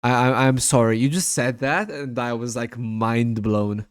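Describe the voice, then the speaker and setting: A young man chatting on a voice call late at night, halting and stammering, often apologizing. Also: mid-range voice, clear, resonant tone, no echo, studio quality. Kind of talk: casual chat. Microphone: desk mic with noise suppression on voice call.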